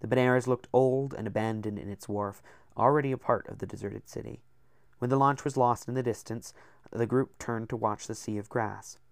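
A man narrating an audiobook in a steady, descriptive reading. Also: lowish voice, dry recording, clean studio sound.

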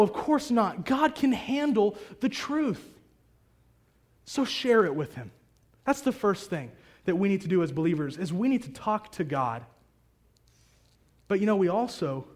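High-voiced man preaching conversationally. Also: measured pace, long pauses. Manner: conversational and animated, acting out prayers. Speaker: pastor. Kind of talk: sermon. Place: church hall with a congregation.

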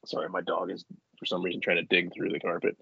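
A man's voice: deep voice, completely flat delivery, fast talker, gravelly, pushed and bright, slightly rough, no room sound, dull audio. A man co-hosting a casual podcast chat at home, rambling with many restarts and frequent laughs. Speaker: podcast co-host. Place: indoors at home.

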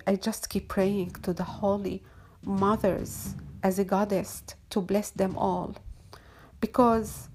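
A woman giving an unscripted, heartfelt monologue as an online broadcaster, earnest and halting, with frequent pauses and fillers. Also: mid-range voice, darkish tone, slight background noise.

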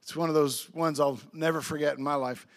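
A middle-aged male pastor with a notably high voice, preaching. He tells his stories with excitable bursts, tripping into quick restarts and acting out the people he quotes. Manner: storytelling with acted-out quotes and laughter. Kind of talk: sermon.

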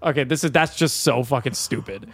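A young man hosting a podcast, telling a story in casual chat, animated and swearing, acting out the voices of people he quotes. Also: mid-range voice, brisk, breathy edge. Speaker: podcast host.

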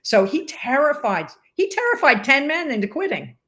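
Animated woman in her sixties telling stories. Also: high voice, normal speed. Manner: animated storyteller who acts out quoted voices. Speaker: podcast guest. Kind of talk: storytelling interview chat.

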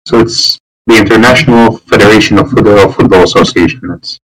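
A man's voice: fairly low pitch, fast talker, a bit bright, husky, rough recording. A man appearing as a guest on a podcast, chatting casually and rambling with frequent hesitations and restarts.

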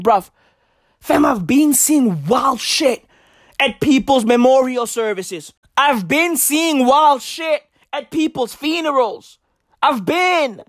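A man doing stand-up storytelling, loud and profane, full of slang and repeated punchlines, often shouting. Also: extremely high pitch, sing-song, takes it slowly, no echo, studio quality. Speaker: stand-up comedian.

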